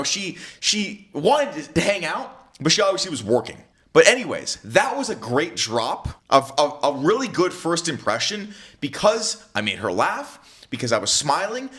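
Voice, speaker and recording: A young man and dating coach telling a story in a casual way, acting out both sides of the conversation. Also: on the high side. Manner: animated, acts out both sides of dialogue.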